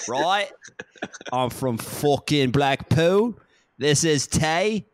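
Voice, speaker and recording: A man voicing an exaggerated mock-British tea expert, with slow, drawn-out emphasis on every word as a comic impression. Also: fairly high pitch, expressive, dry recording, studio quality, pitched above the performer's own voice. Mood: mock pompous. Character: caricatured posh British tea expert, male adult.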